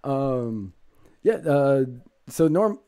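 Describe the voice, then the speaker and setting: Very dark-voiced podcast host, chatty. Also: male voice, mid-range voice, lively intonation, drawn-out words, smooth. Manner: chatty, laughs often. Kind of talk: casual podcast chat.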